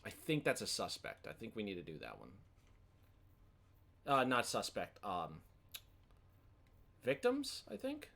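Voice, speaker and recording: A young man streaming a story game, chatting excitably with his viewers between readings. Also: lowish voice, a little slow, creaky, pauses often. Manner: excitable, chatty, talks to chat. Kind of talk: casual gameplay chat.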